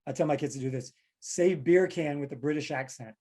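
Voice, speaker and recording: A man's voice: a little high, a little fast, dark tone. Playful man hosting a jokey chat. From Kentucky. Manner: playful, jokey, acts out quotes. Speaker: podcast host. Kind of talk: casual comedic chat.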